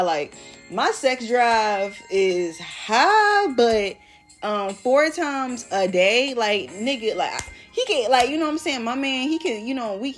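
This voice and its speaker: A young woman hosting a casual solo podcast, chatting in a slangy, rambling way with lots of "like", and feeling emotional today. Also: medium pitch. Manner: slangy and rambling, heavy use of "like". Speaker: podcast host.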